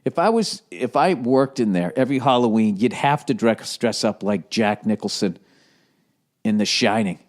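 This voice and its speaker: Ranting, animated podcast host. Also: male voice, fairly low pitch, moderate pace. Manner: profane, ranting, jumps into mocking put-on voices. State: has a cough. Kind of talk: solo comedic podcast rant. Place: home office with some echo. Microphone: studio headphones and recorder.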